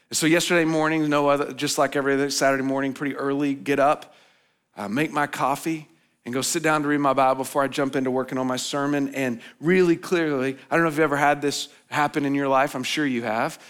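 In a church hall, a man preaches a sermon as pastor, sharing a personal story conversationally. He builds to emphatic points, then drops soft and low for moments of reflection.

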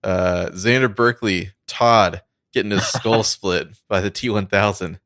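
A man's voice: on the low side, steady tone, unhurried, fairly bright tone, dry recording, clean studio sound. A man co-hosting a casual movie podcast, rambling with lots of fillers and swearing. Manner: rambling, filler-heavy, profane. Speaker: podcast co-host.

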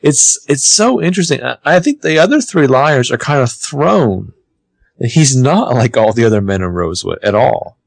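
A man co-hosting a podcast, recapping a TV episode in casual, animated chat. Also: medium pitch, moderate pace, gravelly, dry recording. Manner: chatty, animated, swears casually.

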